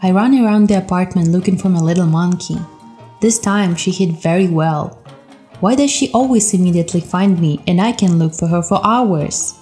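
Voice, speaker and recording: A woman's voice: fairly low pitch, normal speed. A woman narrating short stories as a storyteller, reading all the characters herself in lightly changed voices. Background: soft background music.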